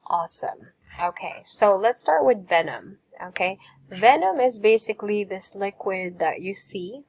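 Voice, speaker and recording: A woman's voice: mid-range voice, expressive, a little slow, darkish tone, rough recording. A woman teacher giving a recorded lesson, patiently saying words and asking students to repeat them.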